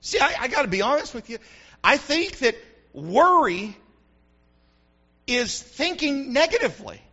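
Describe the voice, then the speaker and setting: A male pastor preaches in a very high, bright, forceful voice. He swells into shouts and keeps asking the congregation if they are with him. The recording sounds dull and lo-fi. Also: big pitch swings, a little slow, creaky. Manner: preaching with rising shouts and call-and-response. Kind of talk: sermon.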